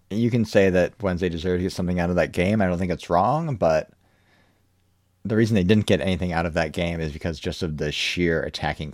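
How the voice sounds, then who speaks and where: Podcast co-host, man, deep voice, dry quips, dead-dry room. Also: dry recording. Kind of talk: casual football podcast chat.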